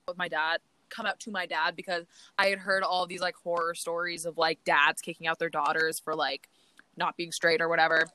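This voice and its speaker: A young woman co-hosting a casual podcast chat, telling stories in an animated way with lots of fillers. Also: fairly low pitch, fairly quick, no echo. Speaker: podcast co-host.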